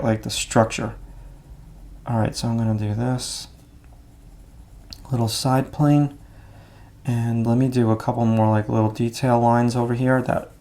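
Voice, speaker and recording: A man explaining his drawing steps out loud as he works, in a relaxed, thinking-aloud way. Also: medium pitch. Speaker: art instructor. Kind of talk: drawing demonstration.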